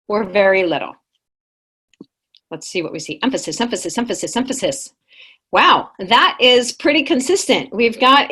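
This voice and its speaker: A woman presenting a live online workshop, lively and engaging, reading chat replies aloud to her audience. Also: medium pitch.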